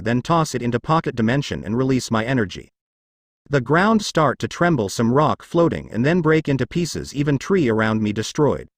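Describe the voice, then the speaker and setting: A man reads a fan story aloud, narrating as its boastful hero. His pitch swings lively through the lines. The recording is dry and close. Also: no room sound. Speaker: reader.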